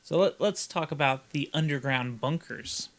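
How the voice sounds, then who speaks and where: Bright-voiced man in casual podcast chat. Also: on the high side, normal speed. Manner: rambling, stops and restarts, laughs at his own points. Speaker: podcast co-host.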